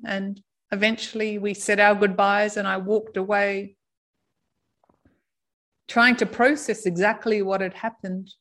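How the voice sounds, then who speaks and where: A woman shares a personal story in a soft, reflective manner, often breaking into light laughter. Her voice sits at an ordinary middle pitch. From Australia. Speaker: intuitive reader.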